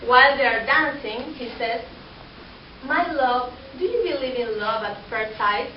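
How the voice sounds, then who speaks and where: High-voiced woman telling jokes from afar. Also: expressive. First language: Spanish. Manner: hesitant, with pauses and fillers. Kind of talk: stand-up joke telling in a class. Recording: echoey room, far mic, dull sound, noisy.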